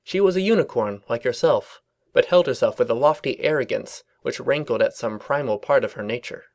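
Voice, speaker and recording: Male narrator for a storybook reading, even and dry, medium pitch. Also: a little fast. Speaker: reader.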